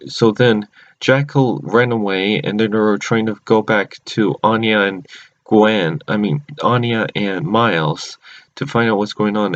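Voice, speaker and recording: Rambling low-voiced man recapping episodes. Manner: rambling, with many restarts and self-corrections. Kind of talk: casual spoken recap. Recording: dull lo-fi recording.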